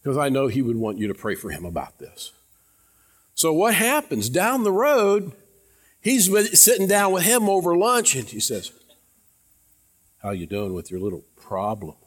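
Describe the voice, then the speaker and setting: A man's voice: very animated, moderate pace. Earnest male pastor preaching. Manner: earnest preaching, drops to quiet low tones for emphasis; conversational, repeats words, asks the congregation questions. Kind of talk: sermon. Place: church with a congregation.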